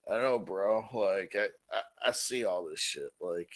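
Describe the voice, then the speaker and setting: A man's voice: deep voice, a little slow, voice pushed down. Man doing a stammering panicky young guy. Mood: panicked. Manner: stammering, frantic, swearing.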